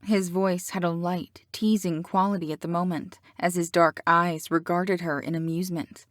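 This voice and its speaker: A woman narrating a romance audiobook in an even, measured reading style. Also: on the low side, dry recording, studio quality.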